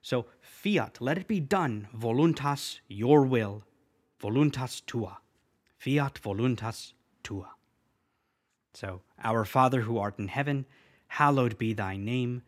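Guy teaching a prayer bit by bit, slow and patient, says each phrase twice. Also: mid-range voice. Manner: patient, repeats and drills words aloud; slows to spell out the words. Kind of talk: spoken lesson, repeating phrases slowly.

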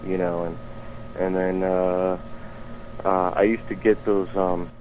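Deep-voiced guy in his 40s rambling about his art, lots of ums, kinda muffled lo-fi sound. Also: little pitch movement, slow, a little mellow. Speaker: guest comic artist. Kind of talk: relaxed interview answers. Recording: dull lo-fi sound with faint noise.

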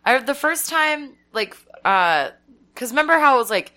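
A woman from New Mexico chats as a podcast co-host. Her pitch moves a lot, and she laughs easily through her stories. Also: very animated, moderate pace, sharp tone. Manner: laughs often, chatty. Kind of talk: casual chat.

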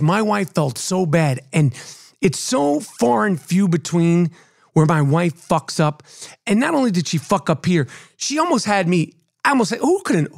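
A man tells a comic story on his podcast, swearing freely. His voice sits high and swings widely as he acts out the people in it. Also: gravelly. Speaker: podcast host.

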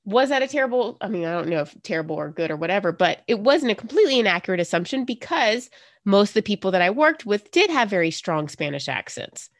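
Very animated and fast-talking, a woman with a mid-range voice chats casually as a podcast co-host. She asks lots of curious questions and drops in personal anecdotes.

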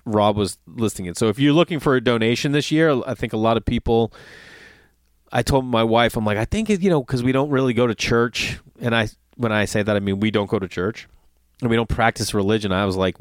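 A man's voice: fairly low pitch, dry recording. Profane ranting man, dry close sound. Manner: profane, ranting, animated storytelling. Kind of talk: casual monologue.

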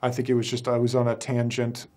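A man chatting casually on a podcast. His voice sits at a middle pitch, and he grumbles in a profane, irritated way. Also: completely flat delivery, fast talker, darkish tone.

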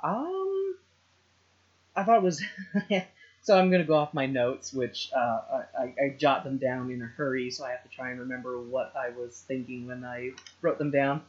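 A man's voice: medium pitch, moderate pace. A man co-hosting a podcast, chatting casually about a film with jokes and restarts. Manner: rambling, joking, with restarts. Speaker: podcast co-host. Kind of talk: casual chat reviewing a film. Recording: slightly dull lo-fi sound.

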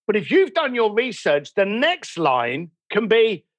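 Animated high-voiced man telling stories. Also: moderate pace, no room sound, muffled recording. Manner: animated storyteller acting out quoted dialogue. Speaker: guest. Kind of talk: conversational podcast interview.

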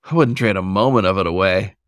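A man's voice: low voice, fairly quick, dry recording, clean studio sound, close to an everyday voice. A man voicing an anxious, bratty male wolf with a snappy, barking way of talking. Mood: playful.

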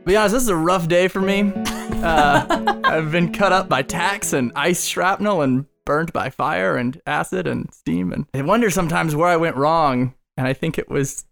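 A man's voice: fairly high pitch, expressive, moderate pace, creaky, over music. A man playing in a tabletop game with wry, self-mocking in-character lines. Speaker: player. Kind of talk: in-character play.

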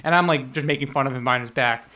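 A man's voice: rapid-fire, bright, forceful tone. A young man telling restaurant stories in casual chat, laughing often and acting out quotes. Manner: laughing storyteller, acts out quotes in a higher voice.

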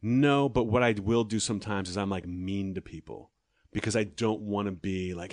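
Fast-talking sardonic comedian, low and dry. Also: male voice, dry recording. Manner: fast, sardonic storytelling with voiced impressions. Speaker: stand-up comedian guest. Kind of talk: casual chat.

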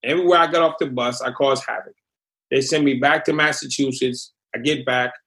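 A middle-aged man telling his life story as a podcast guest, animated and acting out the people he quotes. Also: mid-range voice, fairly quick. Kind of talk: storytelling interview.

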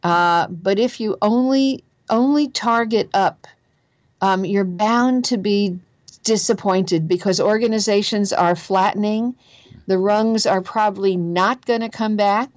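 A woman's voice: medium pitch, measured pace, no room sound. A woman with a New Jersey accent, a guest author talking about careers in an emphatic, earnest way and repeating phrases for stress. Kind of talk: conversational interview.

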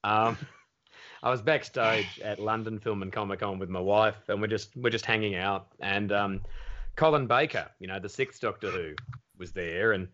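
A man with an Australian accent, a comedian telling stories in casual podcast chat, animated and swearing freely. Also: fairly low pitch, normal speed. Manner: animated storyteller, swears freely, acts out quotes. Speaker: comedian guest. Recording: dull lo-fi audio.

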